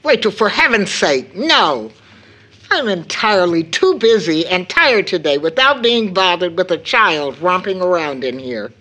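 A woman playing a tired, proper middle-aged mother who gently scolds her daughter in a stage play reading. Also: lowish voice, sing-song, measured pace, full character voice, low-quality recording. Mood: reproving. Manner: reproving, prim.

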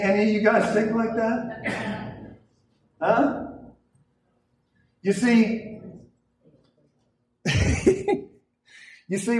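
High-voiced fiery preacher in echoey hall. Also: male voice, far from the mic, slight background noise. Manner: emphatic, rousing, with repeated restarts. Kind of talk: fiery charismatic sermon.

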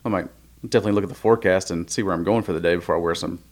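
A man guesting on a podcast as a DJ, telling stories in a relaxed, matter-of-fact way. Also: low voice, racing. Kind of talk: casual conversation.

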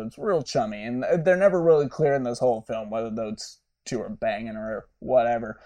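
A man talks through a film's plot on his podcast in loose, rambling casual chat, swearing freely and jumping between scenes. His pitch sits mid-range for a man. He sounds a little back from the microphone. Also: distant mic. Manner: rambling, profane, animated retelling. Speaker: podcast host. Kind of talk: casual movie review recap.

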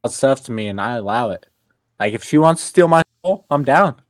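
A man co-hosting a casual podcast over a remote call, making crude, halting remarks. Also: medium pitch, animated, no echo. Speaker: podcast co-host. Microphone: remote call with a dropping connection.

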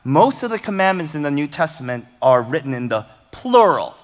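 Male pastor, lively preaching, higher voice, long hall reverb. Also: normal speed. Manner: animated, conversational preaching with humor and rhetorical questions. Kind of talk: sermon.

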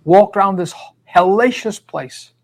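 A man's voice: sits high, a little slow, darkish tone. A man in his sixties, a minister and author, telling his story with animation and acting out the dialogue. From Scotland. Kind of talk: storytelling testimony. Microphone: studio microphone.

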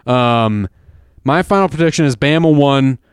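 A man's voice: medium pitch, lively intonation, normal speed, smooth, no echo, studio quality. Chatty man talking sports. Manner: rambling, emphatic, many restarts. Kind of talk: casual sports chat.

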